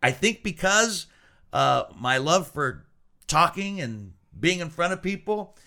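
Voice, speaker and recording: Male podcast host, bright forceful tone, playful showman energy in casual chat. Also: a little high, takes it slowly, vocal fry. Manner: lively, playful showman's delivery. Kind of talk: casual chat over whiskey.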